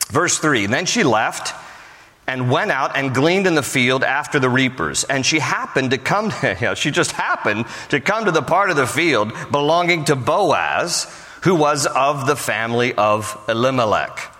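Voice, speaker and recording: A man's voice: medium pitch, very animated, a little slow, bright, forceful tone. A man preaching a sermon, joking conversationally and telling the story with plenty of animation. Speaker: pastor. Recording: hall reverb.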